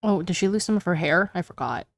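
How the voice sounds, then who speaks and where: A woman's voice: fairly low pitch, lively intonation, fast. A woman chatting casually and joking as she reacts to a story reading, with a lot of "like" and "you know". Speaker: co-host reacting.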